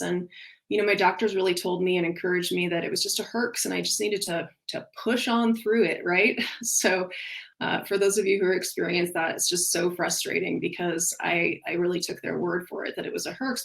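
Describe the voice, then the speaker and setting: A woman's voice: lowish voice, gravelly, poor audio. A woman who works as a functional nutrition practitioner, speaking earnestly and personally as she explains things in a recorded webinar.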